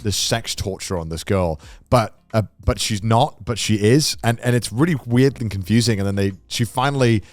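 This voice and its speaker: A man's voice: on the low side, normal speed, hardly any pauses, no room sound. A man co-hosting a podcast in casual chat, animatedly recounting scenes and quoting characters. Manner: animated storytelling, recounting scenes with quoted lines. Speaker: podcast co-host.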